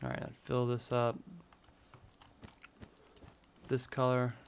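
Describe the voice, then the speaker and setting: Gravelly-voiced man rambling while gaming. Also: medium pitch, monotone, moderate pace, a little hiss or hum. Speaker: streamer. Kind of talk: casual live-stream chat while building.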